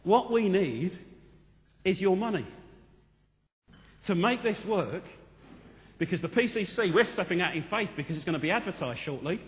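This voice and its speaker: A man in his fifties preaching a sermon as vicar, animated and joking at times, then earnest. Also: high voice, big-room sound. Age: 50s. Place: church.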